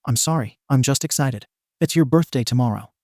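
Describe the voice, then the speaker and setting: A man reading the lines of a gentle, protective adult father in a plain, even voice for an audio story. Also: mid-range voice, a little fast, no room sound, clean studio sound, lightly acted. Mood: affectionate.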